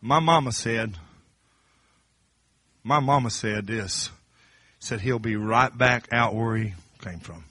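Preacher, middle-aged man, very bright and dry close sound, shifts from hushed to shouting. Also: slow pace, pauses often, dry recording. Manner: swings from low confiding talk to high shouted crescendos. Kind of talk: sermon.

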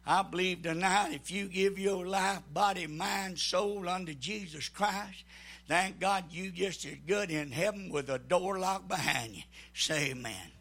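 A pastor preaching an impassioned sermon, swinging between shouted cries and hushed, near-whispered lines. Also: male voice, high-pitched, a little slow, gravelly. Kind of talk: Pentecostal sermon.

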